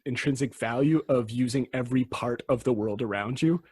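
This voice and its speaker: A man with a slightly husky, mid-pitched voice talks through history on a podcast. His delivery is chatty and explanatory, and his sentences often trail off and restart. The sound is dry and close to the mic. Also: a little fast, a little mellow, no echo. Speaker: podcast host. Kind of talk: casual history podcast chat.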